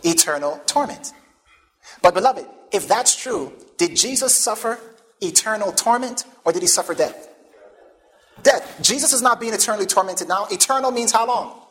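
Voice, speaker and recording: A man preaching a sermon, pausing often to ask the congregation questions and leading them toward each answer. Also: high-pitched. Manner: call-and-response questions to the congregation; animated, emphatic preaching.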